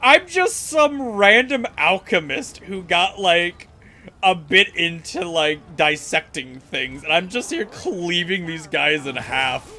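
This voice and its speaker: A man streaming a game live, reacting excitedly and swearing often. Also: high voice, slow pace. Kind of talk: live gameplay commentary.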